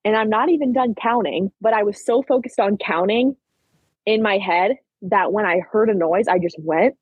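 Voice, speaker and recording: An eighteen-year-old woman from Minnesota tells a track-meet story with eager, tumbling energy and constant "like"s. Her voice is a little husky and breathy. The recording is dry and slightly dull. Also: medium pitch, moderate pace, no echo. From Minnesota, USA. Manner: animated retelling, many fillers like "like". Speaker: guest, high school track athlete. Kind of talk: casual storytelling interview.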